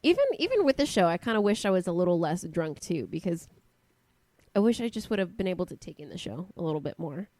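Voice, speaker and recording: A woman's voice: lowish voice, big pitch swings, quick pace, a little mellow, no echo. A woman co-hosting a podcast, chatting casually and swearing as she tells stories. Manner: chatty, profane, apologetic storyteller. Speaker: podcast co-host. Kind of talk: casual chat.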